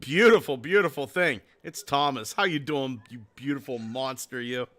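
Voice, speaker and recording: A man's voice: medium pitch, moderate pace, sharp tone. A man hosting a casual podcast, laughing and swearing as he chats with guests. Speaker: podcast host. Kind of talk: casual chat.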